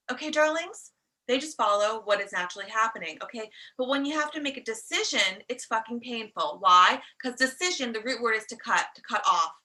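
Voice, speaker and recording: A woman's voice: on the high side, lively intonation, fairly quick, sharp tone, far from the mic, poor audio. A woman life coach on a comedic live stream, talking in a sassy, profane way and calling her listeners darlings. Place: outdoors in a warm country. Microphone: phone live stream.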